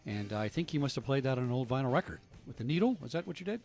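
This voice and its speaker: A man's voice: mid-range voice, very animated, very fast, a little mellow. A man hosting a radio talk show, chatting casually and joking, with many fillers.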